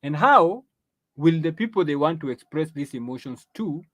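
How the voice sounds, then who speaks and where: Male host, conversational commentary with frequent restarts, slightly high voice, dry close sound. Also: expressive, moderate pace, dry recording. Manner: repeats and restarts words often, conversational. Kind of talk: commentary on clips.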